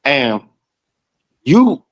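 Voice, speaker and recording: A man in a casual podcast chat, talking while he eats, animated and full of swearing. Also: mid-range voice, drawn-out words, rough recording. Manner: profane, animated, talks while eating. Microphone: streaming call.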